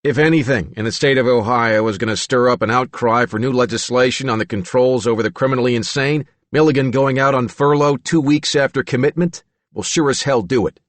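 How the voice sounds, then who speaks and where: A man voicing an irritated state official who speaks in a forceful, curt, commanding way. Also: medium pitch, brisk, no echo, pitched above the performer's own voice, natural voice.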